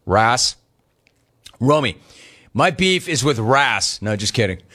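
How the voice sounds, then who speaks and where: A middle-aged man hosting a talk show, reading listener gripes aloud and teasing callers. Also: fairly high pitch. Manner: teasing, animated, mock-outraged. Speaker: radio talk show host. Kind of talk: reading listener messages on live radio.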